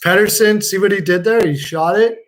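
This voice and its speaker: A man's voice: high-pitched, brisk. A man hosting a casual hockey watch-along stream, joking, laughing often and swearing freely. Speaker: livestream host.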